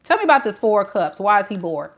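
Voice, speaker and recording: Animated woman giving a tarot reading. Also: medium pitch, fast talker. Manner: animated, casual, slangy. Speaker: tarot reader.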